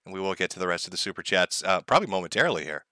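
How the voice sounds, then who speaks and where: A man's voice: sits low, big pitch swings, very fast, pushed and bright, dry recording, studio quality. A man hosting a livestream, giving sarcastic, profane, mocking commentary. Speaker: streamer host.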